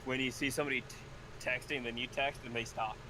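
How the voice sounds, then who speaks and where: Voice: mid-range voice, steady tone, over music, poor audio. A co-host on a drawing stream who chats casually and playfully and laughs easily. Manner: playful, giggly, quick to joke. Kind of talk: casual chat.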